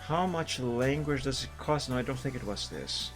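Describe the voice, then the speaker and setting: A man's voice: medium pitch, expressive, moderate pace, faint music behind. A man chatting casually on a livestream, talkative and self-mocking, often restarting his sentences. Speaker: art streamer.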